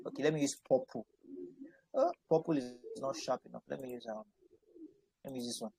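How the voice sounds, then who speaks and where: A man tutoring over a video call, patient and encouraging, breaking words into syllables slowly. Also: mid-range voice, expressive, creaky, dark tone, slightly rough, rough recording. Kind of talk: online spelling and pronunciation lesson.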